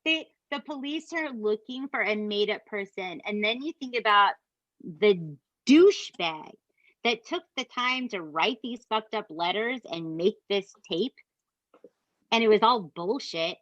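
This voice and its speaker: A fairly high-voiced woman recaps a true-crime case for her co-hosts, swearing freely and leaning hard on her outrage. The sound is dry and a little dull, like a home podcast mic with the highs rolled off. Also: no echo. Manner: animated, profane, emphatic asides to co-hosts. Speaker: podcast host. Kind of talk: casual true-crime storytelling.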